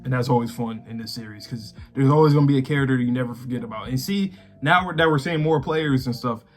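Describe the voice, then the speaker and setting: A man's voice: mid-range voice, fast talker, faint music behind. A man co-hosting an anime reaction talk, chatting loosely and laughing often. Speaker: co-host of anime reaction channel. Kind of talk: casual chat.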